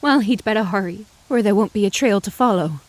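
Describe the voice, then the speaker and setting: A woman's voice: mid-range voice, brisk, no room sound, natural voice. A woman voicing a grieving, indignant older woman with a Swedish accent, who spits out bitter words. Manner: spitting bitter words, pleading.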